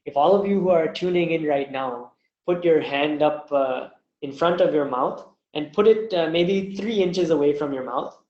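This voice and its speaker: A man teaching an online language lesson, patiently demonstrating each sound slowly. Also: fairly high pitch, reverberant, dull audio. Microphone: webinar mic.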